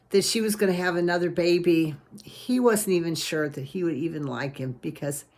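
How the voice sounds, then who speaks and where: Brief: woman storyteller, warm-homey rambling delivery, lowish voice. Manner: homey, rambling with many "and, uh" restarts. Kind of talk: unscripted read-aloud storytelling.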